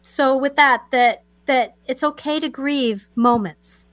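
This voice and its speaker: A woman on a call-in radio show, gently counselling a caller in a soothing, meandering way with many fillers and restarts. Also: sits high, takes it slowly, no echo, faint music behind. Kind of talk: gentle spiritual advice to a caller.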